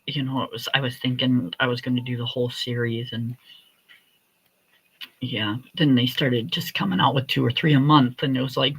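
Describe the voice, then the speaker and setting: A woman hosting a livestream from home, chatting in a meandering, relaxed way. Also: a bass voice, normal speed, breathy edge, poor audio. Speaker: livestream host. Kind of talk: casual chat.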